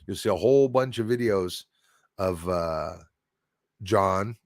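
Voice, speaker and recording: A man with a French Canadian accent hosting a casual livestream, rambling through viewer comments with frequent chuckles and sudden loud bursts. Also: low-pitched, unhurried, clear, resonant tone, no room sound, studio quality. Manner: rambling, chuckling, jumps loudly between topics. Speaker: livestream host.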